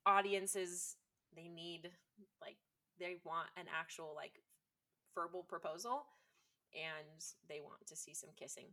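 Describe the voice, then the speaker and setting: Woman, casual chat, enthusiastic and chatty, bright voice. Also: fairly low pitch, slow pace. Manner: enthusiastic, chatty, lots of fillers.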